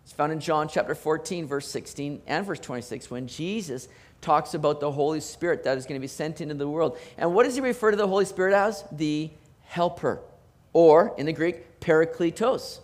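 A man preaching a sermon as pastor, animated, with emphatic rising bursts and repeated words. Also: on the high side, fairly quick.

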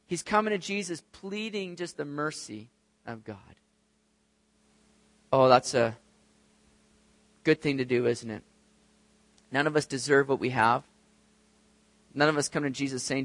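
A male pastor reading scripture aloud and preaching an expressive sermon. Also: on the high side, normal speed, pauses often, dry recording. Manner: expressive, acts out quoted voices.

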